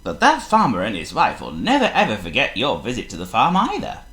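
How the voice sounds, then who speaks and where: A man's voice: mid-range voice, wildly swooping pitch, brisk, bright, forceful tone, echoey room, soft background music. A man voicing an amused father mouse in a storybook, with a wry way of speaking.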